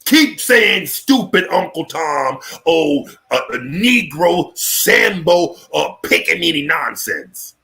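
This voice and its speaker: Guy ranting on a live show, voice swoops around a lot, kinda high, cusses a lot. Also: big pitch swings, slow, gravelly, hardly any pauses, sharp tone. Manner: fiery, profane, preaching. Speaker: show host. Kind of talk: live political talk show rant.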